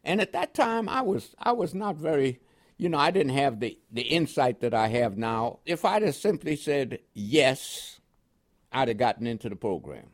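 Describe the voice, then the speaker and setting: An older man from Panama, speaking in a mid-range voice with lively intonation at normal speed, shares his life story in an interview for an oral history. He chuckles often, and his New York accent has a West Indian flavor.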